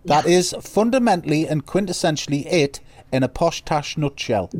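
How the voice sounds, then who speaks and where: A man's voice: a little high, expressive, moderate pace, darkish tone. Teasing, blunt Englishman in banter. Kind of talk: casual studio banter.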